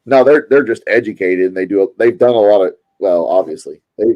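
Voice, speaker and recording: A man's voice: lowish voice, fairly quick, lo-fi sound. A man with a Louisville Kentucky accent, chatting casually and rambling to his stream viewers. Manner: rambling, chatty, self-interrupting.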